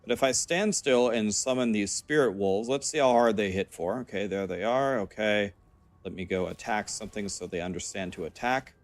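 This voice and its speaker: Low-voiced man explaining game mechanics. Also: moderate pace. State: losing his voice. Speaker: game video narrator. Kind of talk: gameplay commentary.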